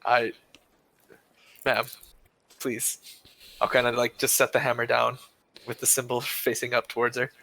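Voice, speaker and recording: A man's voice: medium pitch, completely flat delivery, a little slow, vocal fry, pauses often, sharp tone. A man at a tabletop game, speaking for his character in a hesitant, stuttering, polite way. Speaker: player.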